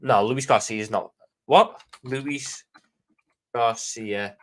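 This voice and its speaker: A man with a Scouse accent talks casually through a live stream. His voice sits at an ordinary middle pitch. He reads out viewer questions and answers them off the cuff in loose, chatty banter. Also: takes it slowly, fairly bright tone.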